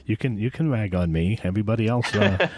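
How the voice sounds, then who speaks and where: A man's voice: lowish voice, lively intonation, quick pace, a little mellow. A man hosting a podcast interview, casual, jokey and self-deprecating. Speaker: podcast host.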